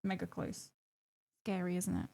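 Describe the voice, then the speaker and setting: A woman's voice: fairly low pitch, completely flat delivery, normal speed, creaky, warm tone. A young woman streaming as she paints miniatures, chatting casually, giggling and poking fun at herself. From United Kingdom. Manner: giggly, chatty, self-mocking. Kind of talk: casual live-stream chat.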